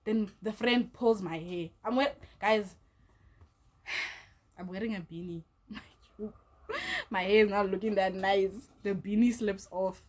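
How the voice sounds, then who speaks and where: A woman in the middle of a storytime vlog, her voice pitched right in the middle for a woman. She tells it casually and curses freely, and she acts out each person's lines with lively voices. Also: moderate pace. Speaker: vlogger.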